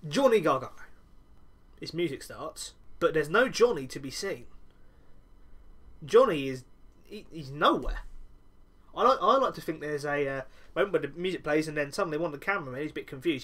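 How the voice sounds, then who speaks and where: A man's voice: on the high side, animated, a little fast, bright, forceful tone. A man hosting a podcast, talking alone in a casual, rambling way and often correcting himself. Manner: rambling, self-correcting storyteller. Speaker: podcast host. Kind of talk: casual solo podcast monologue.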